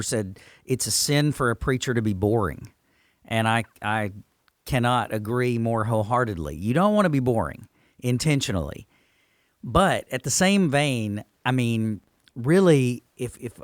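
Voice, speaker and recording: A man's voice: mid-range voice, dry recording, clean studio sound. A man, a pastor, talking earnestly and with emphasis in a church podcast discussion.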